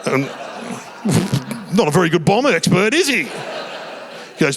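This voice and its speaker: A man's voice: a little high, very animated. A middle-aged Australian man doing stand-up comedy, telling chatty, self-mocking stories on a theatre stage. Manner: chatty, self-mocking anecdotes with quick voiced asides. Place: small theatre stage before a live audience.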